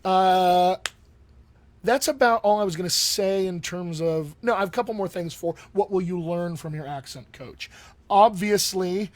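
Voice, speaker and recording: A man with a fairly high yet darkish-toned voice works as a dialect coach and answers viewers in a live stream Q&A. He talks conversationally, with many fillers and restarts.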